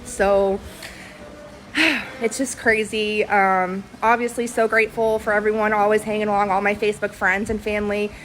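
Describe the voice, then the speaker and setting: Earnest halting woman near tears. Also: medium pitch, little pitch movement, fairly bright tone, soft background music, rough recording. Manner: earnest, halting, many ums and likes. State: close to tears. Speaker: vlogger. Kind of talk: casual reflective video to friends.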